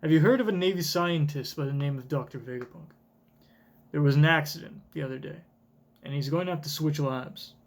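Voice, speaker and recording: A man voicing a stern, mysterious rebel leader in a measured, solemn way while reading a comic aloud. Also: a little high, gravelly.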